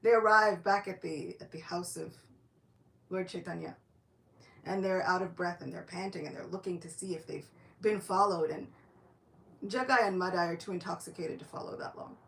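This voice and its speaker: This woman speaks at a normal pace in a lowish, creaky voice while giving a devotional lecture. Telling her story with animation, she gives every character their own quoted voice.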